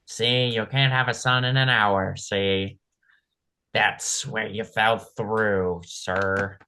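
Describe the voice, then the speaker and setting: A man putting on a menacing old-time movie gangster, tacking "see?" onto every line. The voice sits fairly low and comes out drawn-out and unhurried, with a sly, threatening edge. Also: steady tone, bright, forceful tone, smooth, full character voice. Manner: old-time mobster talk, ends lines with "see?". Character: male candy cane gangster, sly, menacing.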